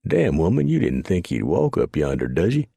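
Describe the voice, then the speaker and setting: Guy doing a cranky old trapper, backwoods twang, gravelly. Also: low-pitched, huge pitch swings, moderate pace, warm tone, no echo, heavily acted. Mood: impatient. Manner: rough backwoods dialect. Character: blunt old mountain man trapper.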